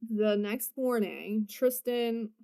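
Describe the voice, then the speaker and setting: A woman's voice: on the high side, slow, creaky, dark tone, clear, resonant tone. Young woman podcast host, casual movie recap, swears a lot and laughs mid-sentence. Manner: loose, swears, laughs while retelling scenes.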